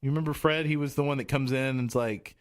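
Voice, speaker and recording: A man with a mid-range voice and steady tone talks at a quick pace as host of a casual podcast chat show in a radio studio. He rambles a lot, trailing off and restarting his sentences frequently.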